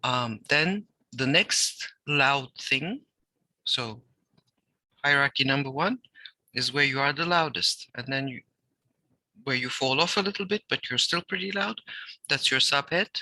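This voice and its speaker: Bright and medium-pitched, the voice belongs to a man lecturing on typography. He reads text out in an explanatory way, pausing deliberately and emphasizing words. The audio is dry and of low quality.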